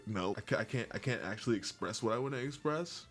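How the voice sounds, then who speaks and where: A man's voice: fairly low pitch, lively intonation, quick pace, hardly any pauses, faint music behind. A man rambling to camera in a goofy, scattered comedic monologue, swearing and laughing between half-finished thoughts. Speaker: video creator.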